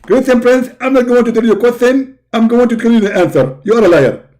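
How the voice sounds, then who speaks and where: A man putting on the voice of a stubborn male preacher who shouts and keeps repeating himself. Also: very high-pitched, fast, pitched above the performer's own voice. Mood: insistent.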